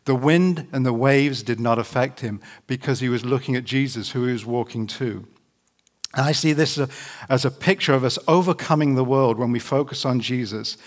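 A man preaching straight to a camera. He is earnest and conversational, and he slows down to read scripture. His voice sits at a middling pitch for a man. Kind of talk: sermon to camera. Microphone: camera facing speaker.

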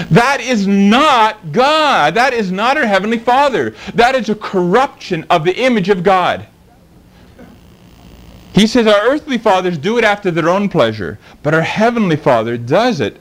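A middle-aged man preaching a sermon, reading scripture slowly and then explaining it with animated emphasis. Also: high voice, low-quality recording.

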